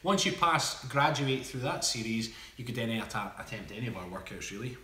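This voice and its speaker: A man's voice: mid-range voice, lively intonation, brisk, bright, forceful tone. Scottish man in an echoey room. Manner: joking, laughs often. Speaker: fitness coach co-host. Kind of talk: casual live Q&A reading viewer comments.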